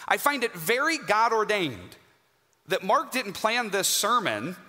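A man preaching a sermon in a church, emphatic and dramatic, with pauses for effect. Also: high voice, sing-song, sharp tone. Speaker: guest preacher. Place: church sanctuary. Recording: hall reverb.

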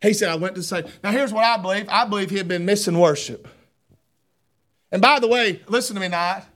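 Preacher guy, pretty high voice, fired-up church sermon, stumbles over repeated words then gets loud. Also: fast. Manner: fervent, rising to shouts, with stammering repeats. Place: church sanctuary.

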